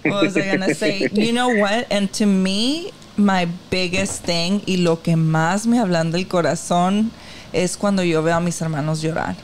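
A woman's voice: on the low side, fairly even intonation, moderate pace, a crowd in the background. A woman co-hosting a podcast, chatting expressively and slipping Spanish phrases into her English. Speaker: podcast co-host. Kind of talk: casual chat.

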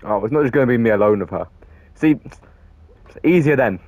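A man's voice: medium pitch, expressive, moderate pace, darkish tone, no room sound. A man giving jokey, chatty commentary over a game playthrough. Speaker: gaming streamer.

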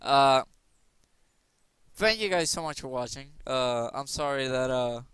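Rambling through quiz questions with jokes and occasional silly voices, a young gaming channel host gives casual commentary. He speaks at a measured pace in a medium-pitched, slightly bright, clean voice with no echo.

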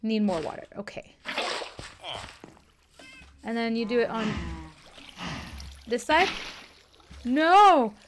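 A woman streamer giving excitable, swear-laden let's play commentary. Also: a little high, slow, long pauses, background noise. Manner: excitable, swears, laughs often.

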